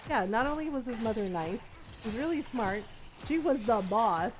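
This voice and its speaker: A woman's voice: on the high side, lively intonation, normal speed, slight background noise. A woman streamer telling a story in casual chat, talking in a loose, chatty way with lots of "like" and frequent laughs. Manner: chatty, laughs often, leans on "like" and restarts.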